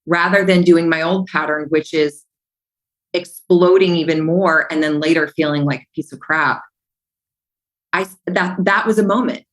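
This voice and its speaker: Woman on a podcast, lowish voice, animated storytelling, keeps repeating phrases to hammer points home. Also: moderate pace, low-quality recording. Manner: animated storyteller who acts out remembered dialogue. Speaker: podcast guest. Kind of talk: conversational podcast interview.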